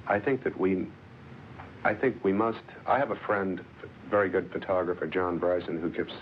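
American guy in his 40s, film director, super low voice, kinda muffled old tv sound. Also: fairly even intonation, normal speed. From United States. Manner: thoughtful, circling phrases and restarting often. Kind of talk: reflective interview answers. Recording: dull 1970s TV broadcast audio, faint hiss.

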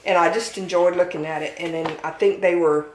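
A Southern woman chats in a relaxed, homey way, her voice sitting on the lower side. She talks casually to her viewers about her finds. The room around her rings with echo. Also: a little fast, slight background noise. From Southern United States. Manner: chatty, homey, laughs at herself. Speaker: thrift haul vlogger. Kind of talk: casual show-and-tell chat. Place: home dining room.

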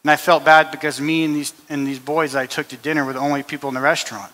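A man preaching in a church, his bright, forceful voice set a little high. He talks earnestly, restarting and repeating phrases as he tells a story. The sound rings with a long hall reverb. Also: flat delivery, quick pace. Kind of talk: sermon with personal story.

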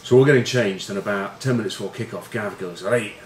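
In an echoey room with faint hiss, a middle-aged former rugby player talks quickly in a bit-low voice, rambling through casual stories laced with swearing, filler words and self-deprecation.

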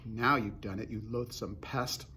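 A man voicing a timid, fretful male earthworm in a storybook reading, scolding anxiously in a hushed voice. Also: mid-range voice, fairly even intonation, unhurried, slight background noise.

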